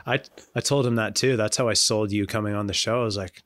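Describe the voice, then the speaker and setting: A man with a lowish voice co-hosts a podcast. He jokes and teases in casual chat, and the sound is dry and close. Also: steady tone, fast, fairly bright tone, no echo. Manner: joking, teasing. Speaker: podcast co-host.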